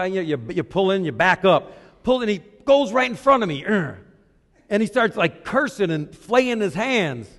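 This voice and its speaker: Middle-aged man, pastor, sermon, high voice, rhetorical questions, hushed to loud. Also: long reverb tail.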